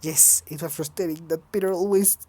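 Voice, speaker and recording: A woman's voice: lowish voice, fairly even intonation, a little fast, warm tone, dry recording. A woman reading a fan story aloud in a casual way. She stumbles over words and breaks off to mock her own reading. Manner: stumbling, laughing, self-mocking. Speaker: fanfic reader.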